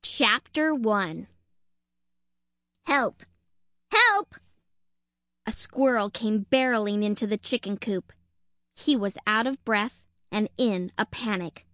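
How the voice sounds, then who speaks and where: A woman narrating a children's audiobook in an expressive, deliberate storytelling manner. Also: medium pitch, dry recording. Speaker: audiobook reader.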